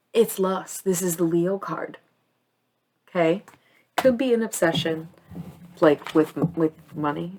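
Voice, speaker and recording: A young woman giving an emotional tarot reading, gushing and tearful at times. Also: slight background noise. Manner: tearful, gushing, swings between calm and sobbing highs. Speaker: tarot reader.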